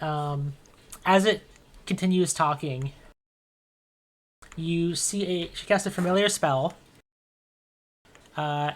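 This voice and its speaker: A woman narrating a tabletop game as game master, relaxed and loose. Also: low-pitched. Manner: relaxed, with fillers and restarts.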